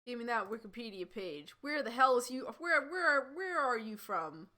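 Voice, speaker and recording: A young woman with a slightly high, pushed and bright voice reads fanfiction to her stream at a moderate pace, sounding expressive. Her casual commentary comes in chatty interruptions punctuated by laughter.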